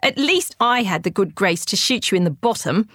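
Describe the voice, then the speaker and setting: A woman's voice: medium pitch, expressive, moderate pace, a bit bright, no room sound, studio quality. A woman voicing a poised, bossy young girl who orders her teammates about. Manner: commanding.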